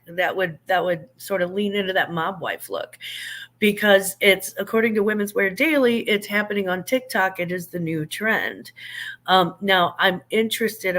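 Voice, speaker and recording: A woman's voice: medium pitch, fairly bright tone. Chatty grandmother hosting a livestream. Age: older. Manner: chatty, greets viewers, laughs easily, stumbles over names. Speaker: livestream host. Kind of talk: casual live chat.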